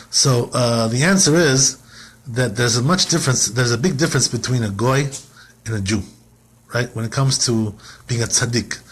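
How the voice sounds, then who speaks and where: A man's voice: mid-range voice, slightly rough. A man teaching as a rabbi in a Torah lesson, asking himself rhetorical questions and acting out quoted complaints.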